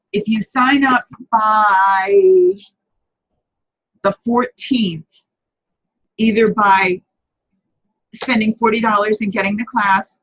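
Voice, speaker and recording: Chatty woman with a husky voice. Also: mid-range voice, a bit bright, poor audio. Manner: chatty, answers viewers by name; rambling, corrects herself often. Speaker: host of a live papercrafting chat. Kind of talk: casual live-stream chat.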